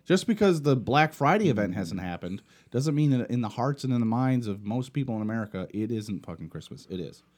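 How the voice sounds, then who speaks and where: A man's voice: fairly low pitch, lively intonation, fairly quick, few pauses, warm tone. A man hosting a casual podcast, ranting with plenty of swearing. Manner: profane, ranting. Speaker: podcast host.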